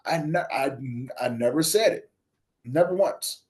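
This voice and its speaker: Man telling a story with vivid voices. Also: a little slow. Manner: animated storyteller, acts out dialogue with voice shifts; drops soft and low when quoting others. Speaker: podcast guest, nonprofit founder. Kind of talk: storytelling in a casual interview.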